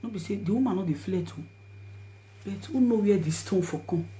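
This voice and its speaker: A woman with a Nigerian accent speaks straight to her viewers as a vlogger. She tells the story in a mix of hushed, low asides and sudden loud pleading, with a voice of middling pitch. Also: brisk. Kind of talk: storytelling to camera in Pidgin.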